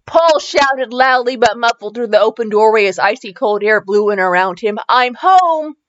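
A woman's voice: mid-range voice, fairly even intonation, normal speed, no room sound, lo-fi sound. A woman podcast host reading fanfiction aloud with giggly, rambling, self-mocking comedic asides. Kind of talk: comedic commentary and story reading.

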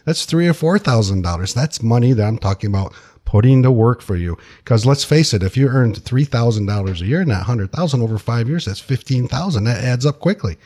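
A man's voice: mid-range voice, expressive, a little fast, warm tone. A man who is a financial advisor, talking in a plainspoken, conversational way as a guest on a radio talk show. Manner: plainspoken, conversational, uses folksy sayings.

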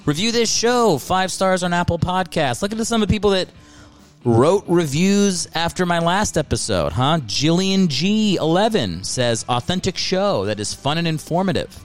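A man's voice: sits high, sing-song, normal speed. A man hosting a solo comedy podcast, rambling and joking about himself, often restarting his sentences. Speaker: podcast host.

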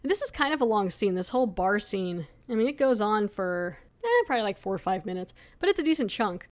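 A woman's voice: medium pitch, very animated, brisk. A woman hosting a podcast, recapping an episode in a chatty, casual way full of fillers. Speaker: podcast host.

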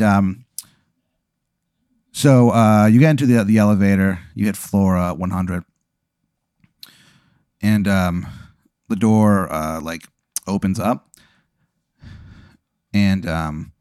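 A man's voice: on the low side, slow, long pauses, warm tone, clear, resonant tone, no echo, clean studio sound. A man hosting a podcast, improvising a rambling comedic story with many fillers and restarts. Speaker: podcast host.

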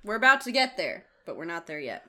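A woman in casual chat, calmly explaining plot details in a matter-of-fact way. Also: lowish voice, quick pace. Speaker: podcast co-host.

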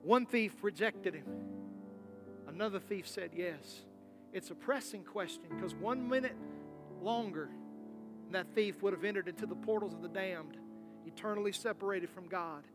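A man preaching a sermon with passion, acting out Bible figures and swinging from loud to soft. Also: high-pitched, normal speed, over music.

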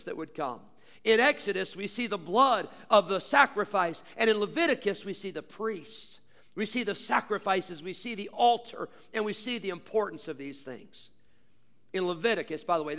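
A male pastor preaching a sermon, pressing points with rhetorical questions and repetition, swinging between loud drawn-out emphasis and low quiet asides. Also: long reverb tail.

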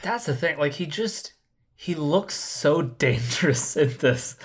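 A man's voice: fairly high pitch, animated, takes it slowly. A man co-hosting a podcast, chatting casually and eagerly. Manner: eager, enthusiastic. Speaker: podcast co-host. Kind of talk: casual review chat.

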